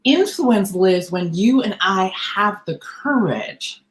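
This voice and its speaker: A woman's voice: mid-range voice, lively intonation, takes it slowly. A woman mindset coach hosting a podcast conversation, speaking in an earnest, emphatic, motivational way.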